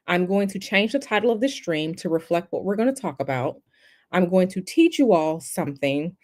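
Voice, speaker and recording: A woman's voice: medium pitch, a little mellow, no room sound, studio quality. A woman hosting an astrology and tarot livestream, chatting casually and talking straight to her live chat.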